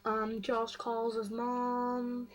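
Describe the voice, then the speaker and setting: A woman's voice: a little high, monotone, extremely slow, low-quality recording. A woman vlogger casually recapping a story, chatty and full of fillers and gossipy asides.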